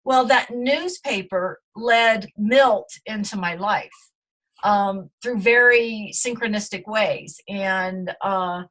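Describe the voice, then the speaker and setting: A woman's voice: medium pitch, a bit bright. A middle-aged woman, a guest in an interview, telling her story in an earnest, reflective way with many fillers.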